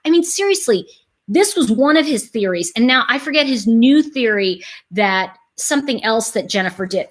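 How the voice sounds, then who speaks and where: A middle-aged woman hosting a casual live stream, chatting straight to her viewers in an animated, talkative way. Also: on the high side. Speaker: livestream host.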